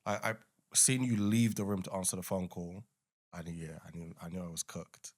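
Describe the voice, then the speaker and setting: A man's voice: low-pitched, normal speed, darkish tone. A man, a singer guest on a podcast, talking in a laid-back, dry, matter-of-fact way. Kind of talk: casual chat.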